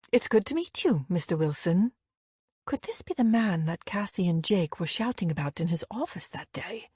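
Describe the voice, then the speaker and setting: A woman reading a first-person romance audiobook with lively, wry storytelling. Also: lowish voice, husky, no room sound, clean studio sound. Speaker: audiobook narrator.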